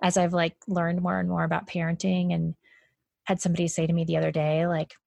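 A woman's voice: on the low side, little pitch movement, fairly quick, creaky, a little mellow, dry recording. A woman in casual conversation, talking freely and laughing often, with a lot of "like" in her speech. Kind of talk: casual chat.

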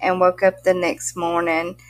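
A woman's voice: fairly low pitch, completely flat delivery, a little slow, faint music behind. A middle-aged woman from Mississippi with a strong Southern accent, chatting as an interview guest, laughing often and using country turns of phrase. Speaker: guest, pet content creator. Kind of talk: casual interview chat.

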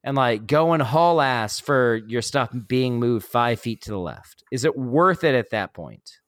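A man in casual banter, defensive and sarcastic, cursing as he argues his side. His voice sits at an ordinary middle pitch. The sound is dry and close to the mic. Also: lively intonation, measured pace, a bit bright, dry recording. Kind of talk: casual chat.

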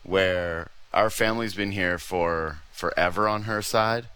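A man co-hosts a casual hockey talk show with a bright, forceful voice. He jokes freely and slips into animated impressions of other people. His delivery is chatty and expressive. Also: sits low, unhurried, clean tone. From Canada. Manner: animated, joking, acts out quoted voices.

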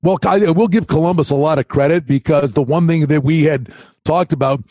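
A man co-hosting a sports betting podcast in casual chat, an animated storyteller who acts out other people's lines. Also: fairly high pitch, brisk, dry recording. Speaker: podcast co-host.

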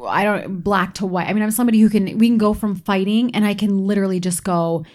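A woman co-hosting a casual chat show, telling lively stories that act out quoted arguments, poking fun at herself and laughing often. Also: mid-range voice, quick pace. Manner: animated storyteller who acts out quoted arguments; self-mocking and laughs often. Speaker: podcast co-host.

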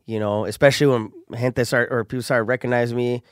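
A comedian man with a mid-pitched voice, talking in relaxed street slang and laughing easily. He sounds close and dry on the mic, as in a podcast studio. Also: fast talker, no room sound. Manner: laid-back slang, calls people homie, laughs often. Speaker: comedian guest. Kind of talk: casual chat.

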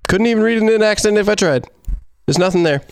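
A man's voice: sits high, fast talker. A man hosting a casual card-game chat, talking in a loose, rambling, joking way. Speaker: podcast host.

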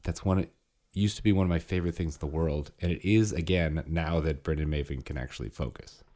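A man in his thirties co-hosting a podcast, chatting in a relaxed, storytelling way. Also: extremely low pitch, fast. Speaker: podcast co-host. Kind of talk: casual chat.

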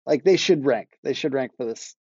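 A man's voice: medium pitch, moderate pace, a little mellow, breathy edge, no echo, highs cut off. A man talking casually on a podcast about marketing, rambling and restarting his sentences as he tells a story. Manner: rambling, self-interrupting, laughs while telling stories. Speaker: guest, marketing agency owner.

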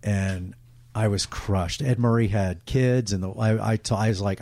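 A middle-aged sportscaster telling emotional, candid stories in a casual interview, rambling with restarts. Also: male voice, lowish voice, fairly even intonation, a little slow, darkish tone. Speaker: guest, sportscaster.

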